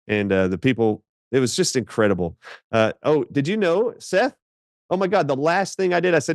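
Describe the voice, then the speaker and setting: A man speaking as a doctor guest in an interview, telling stories in an emphatic, animated way. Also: a little high, brisk, no echo, studio quality.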